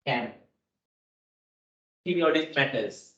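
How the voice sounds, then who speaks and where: Taking it slowly with long pauses, a Sri Lankan lecturer covers accounting in a hall, restating key ideas and checking in with "right?". His voice is on the high side, a bit bright, with big pitch swings. The distant hall audio is dull and echoey.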